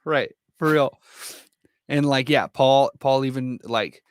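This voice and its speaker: A young man with a mid-range voice talks eagerly about a movie in a casual podcast. The sound is dry and close, and his speech runs in excited bursts packed with fillers. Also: mid-range voice, no room sound. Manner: enthusiastic, many fillers, quick bursts of excitement. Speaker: podcast co-host. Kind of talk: casual film discussion.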